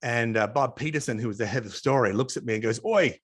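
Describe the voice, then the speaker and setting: A man's voice: mid-range voice, quick pace, breathy edge. A middle-aged Australian man, an interview guest on a video call, telling chatty anecdotes with asides in a casual storytelling way.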